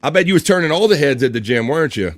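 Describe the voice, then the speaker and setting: A man's voice: a little high, lively intonation, racing, over loud music. A man hosting a casual livestream, joking and teasing, laughing often. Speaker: livestream host.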